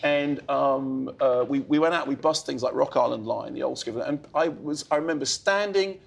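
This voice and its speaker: A man in his fifties, a film critic guest on a TV chat show, telling animated, self-deprecating stories. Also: medium pitch, normal speed, gravelly. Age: 50s. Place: TV studio.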